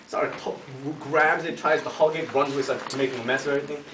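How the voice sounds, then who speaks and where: A man's voice: mid-range voice, steady tone, quick pace, hardly any pauses, a bit bright, roomy sound. Guy rambling thru a long joke, keeps saying like and you know, far off mic, noisy home video. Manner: meandering, full of "like" and "you know", breaks into laughter. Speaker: joke teller. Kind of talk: casual rambling joke telling.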